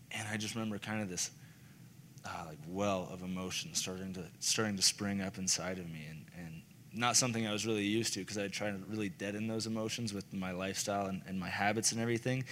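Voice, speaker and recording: A man's voice: fairly low pitch, a bit bright. A young man giving an earnest, casual and heartfelt personal testimony sermon. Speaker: speaker sharing his testimony. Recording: reverberant hall with faint noise.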